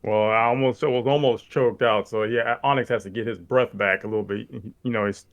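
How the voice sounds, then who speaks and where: A man playing a tabletop wrestling game in a relaxed, laid-back way. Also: fairly low pitch, brisk, lo-fi sound. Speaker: player. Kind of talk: casual tabletop play.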